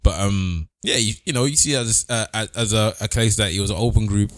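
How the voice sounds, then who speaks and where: Fast, opinionated male co-host, dry sound. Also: fairly low pitch, fairly bright tone, no echo. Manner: quick, opinionated banter. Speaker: podcast co-host. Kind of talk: casual podcast chat.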